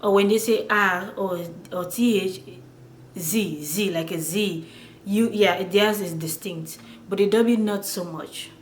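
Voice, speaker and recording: A woman explains pronunciation at an unhurried, drawn-out pace, stopping and restarting as she searches for words. Her voice sits at a middle pitch. The room around her rings with noticeable echo. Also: a little hiss or hum. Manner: slow, halting, many fillers and restarts. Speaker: language teacher.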